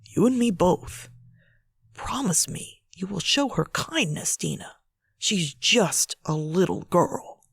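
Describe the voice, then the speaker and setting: A woman voicing a weary husband who pleads in a low, hushed voice to protect a frightened little girl. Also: expressive, slow pace, vocal fry, slightly rough, no room sound, studio quality, full character voice. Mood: hushed, pleading.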